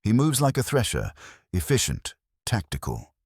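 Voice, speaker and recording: A man's voice: medium pitch, huge pitch swings, normal speed, darkish tone, slightly rough, no room sound, clean studio sound, voice pushed up, heavily acted. A man voicing a grim, plainspoken, hard-bitten team member.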